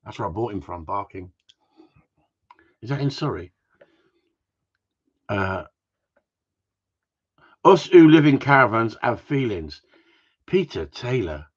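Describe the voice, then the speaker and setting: A man's voice: lowish voice, sing-song, slow pace, pauses often, breathy edge. A man hosting a live Q&A, bantering and teasing his viewers in a rambling, joking way. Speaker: host of a live gundog Q&A stream. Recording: dull lo-fi livestream audio.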